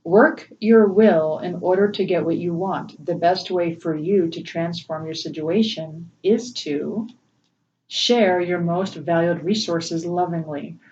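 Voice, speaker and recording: Emotional woman tarot reader, distant mic. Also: slow pace. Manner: gentle, emotional, laughs often. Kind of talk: casual spiritual tarot reading. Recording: distant, dull low-fi mic with faint noise.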